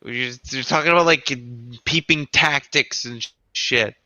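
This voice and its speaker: A man's voice: on the high side, normal speed, sharp tone, dry recording. A man who is a guest in a casual podcast chat, dry and teasing.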